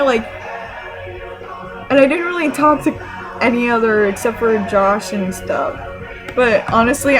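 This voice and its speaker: Vlogger type: woman, high-ish voice, gushing, rambling story, music going behind her. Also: low-quality recording. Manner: excited, rambling, full of fillers and restarts. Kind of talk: casual storytelling to camera.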